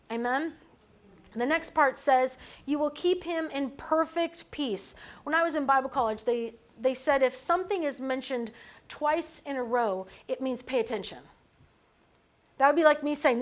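A woman leading a Bible study, teaching in an animated way and putting questions to her group. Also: high voice, a little slow.

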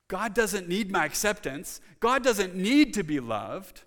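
A man's voice: high voice, very animated, unhurried, fairly bright tone. Earnest male preacher in an echoing hall. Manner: earnest, restarts often, rising to emphatic. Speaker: pastor. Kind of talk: sermon. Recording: long reverb of a church hall.

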